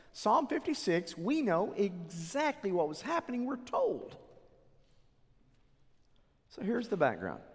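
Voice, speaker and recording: A male preacher retells a story in a sermon, his voice set high and swinging widely, sometimes sinking to near whispers for effect. Long reverb from a large hall follows every line. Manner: animated retelling with dramatic drops to near whispers.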